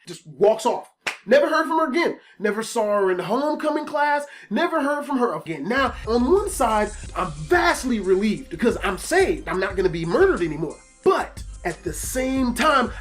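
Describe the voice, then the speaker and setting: A man's voice: extremely high pitch, sing-song, moderate pace, fairly bright tone, faint music behind. A man telling a story from his own life as a casual storytime monologue, emotional and profane, who keeps dropping "man" into his talk. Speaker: YouTube storyteller.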